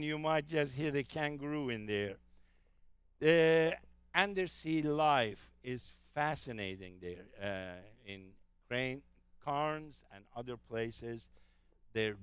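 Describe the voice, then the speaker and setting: A man's voice: fairly high pitch, fairly bright tone, clean tone, dry recording. A man giving an enthusiastic travel talk to a live audience, telling anecdotes with frequent fillers. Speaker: travel presenter.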